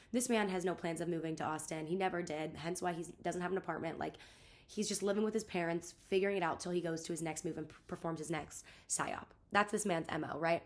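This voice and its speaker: A young woman in her twenties telling a rambling storytime vlog, venting and exasperated, full of "like" and acted-out quotes. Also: on the low side. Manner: rambling, heavy use of "like", quoting others. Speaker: vlogger.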